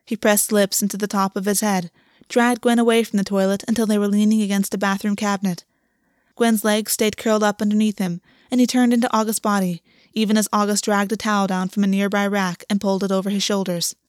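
A woman reads a story aloud in a measured, steady narration. Her voice sits at a middle pitch for a woman. The recording is dry and close, with no room sound. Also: dry recording. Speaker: audiobook reader. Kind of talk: scripted fiction narration.

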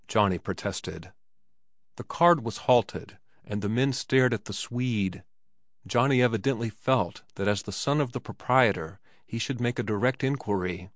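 Low-voiced man reading a classic story. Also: measured pace, no room sound, clean studio sound. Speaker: audiobook narrator. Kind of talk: scripted narration of a classic story.

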